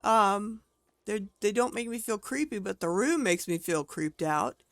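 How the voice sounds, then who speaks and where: A woman's voice: mid-range voice, lively intonation, measured pace, a bit bright, no echo, clean studio sound. A woman streaming a video game, talking casually as she plays, thinking aloud and exclaiming at what she finds. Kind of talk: casual gameplay commentary.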